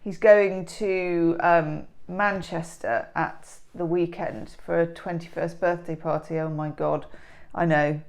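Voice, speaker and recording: A woman's voice: fairly low pitch, steady tone, unhurried. A middle-aged woman, rambling and joking with herself through a daily tarot reading in her home kitchen. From England. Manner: rambling, self-mocking, giggly asides. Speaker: tarot reader.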